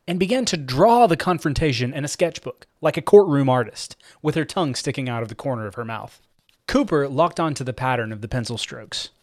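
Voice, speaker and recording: A man reading a comic novel aloud as narrator. His delivery is expressive, with a lively, animated pitch. The sound is dry and close, with no room echo. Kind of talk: audiobook fiction narration.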